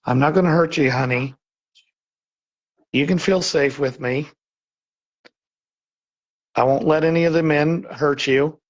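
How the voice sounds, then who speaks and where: A man from Texas on a live-streamed ghost hunt, talking softly and reassuringly to an unseen presence in an old building. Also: fairly high pitch, unhurried, pauses often, dull audio. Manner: soft, coaxing, reassuring. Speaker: paranormal investigator. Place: old saloon building at night.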